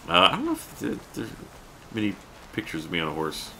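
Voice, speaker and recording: A male streamer chats casually while he plays, rambling playfully and reading out his chat. His voice is very deep but bright and forceful. Faint noise hums under it. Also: huge pitch swings, brisk. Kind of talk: casual live-stream commentary.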